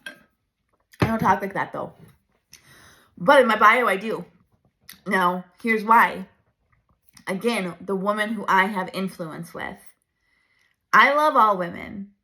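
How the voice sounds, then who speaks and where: A woman in her thirties coaching her viewers in a chatty, animated way, laughing often. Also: medium pitch, takes it slowly, long pauses. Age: 30s. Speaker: branding coach. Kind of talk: casual coaching talk to camera.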